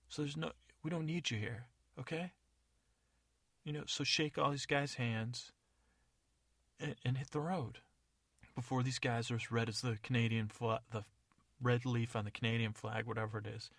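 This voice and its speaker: Gravelly rambling comic narrator, a man. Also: medium pitch, no room sound, studio quality. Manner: rambling, self-correcting, deadpan asides. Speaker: comedy podcast narrator. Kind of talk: improvised comic monologue.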